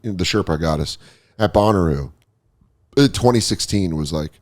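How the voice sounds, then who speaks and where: A man's voice: low voice, moderate pace. A man hosting a podcast, telling crude stories in a casual comedic chat. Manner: crude, animated storytelling. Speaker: podcast host.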